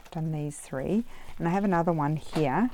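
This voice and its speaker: Low-voiced woman chatting while crafting. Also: moderate pace, warm tone. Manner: rambling, chatty, wanders off on tangents; thinks aloud while working. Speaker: craft vlogger. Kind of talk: casual chat while crafting.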